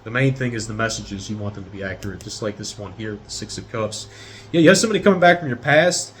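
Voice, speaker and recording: A man's voice: on the low side, lively intonation, fast talker, a bit bright, slight background noise. A man in his thirties giving a casual tarot reading straight to his viewers in a rambling, profane way. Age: 30s. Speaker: tarot reader.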